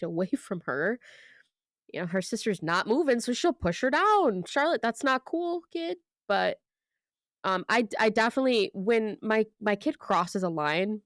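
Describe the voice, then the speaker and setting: A woman's voice: mid-range voice, no echo, studio quality. A young mother co-hosting a podcast, talking candidly and earnestly about parenting. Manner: candid and earnest, with frequent restarts. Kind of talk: casual chat.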